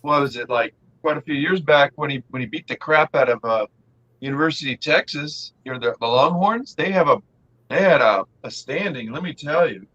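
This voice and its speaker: A man co-hosting a casual podcast hangout, rambling and animated with lots of fillers. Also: fairly high pitch, a little fast, lo-fi sound. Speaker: podcast co-host. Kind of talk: casual chat.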